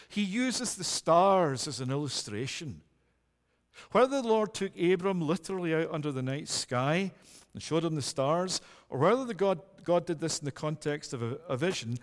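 A male preacher with a high, lively voice that rises and falls across each phrase. He speaks earnestly and emphatically, putting direct questions to his listeners. The sound carries a long hall reverb. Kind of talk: sermon.

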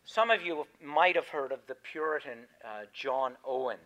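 A man's voice: on the high side, moderate pace, a bit bright, low-quality recording. A man preaching a sermon, chatting easily with his congregation, then reading scripture aloud with rising emphasis. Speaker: pastor.

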